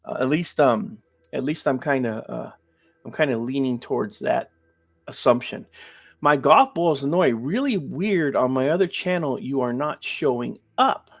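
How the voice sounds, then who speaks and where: A man's voice: medium pitch, lively intonation, moderate pace, gravelly, soft background music. A man hosting a live stream, ranting emphatically with repeated phrases and joking banter with chat. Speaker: livestream host. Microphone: webcam framed at the beard.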